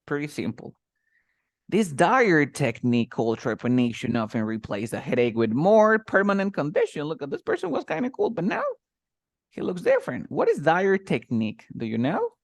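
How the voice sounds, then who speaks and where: Male English tutor, animated and patient, bilingual explanations, lively pitch. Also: moderate pace, vocal fry, dry recording. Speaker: English teacher.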